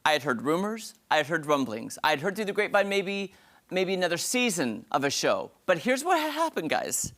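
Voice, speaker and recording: A man hosting an entertainment review segment on a morning TV show, talking in a gushing, dramatic, excited way. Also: high-pitched, fairly quick.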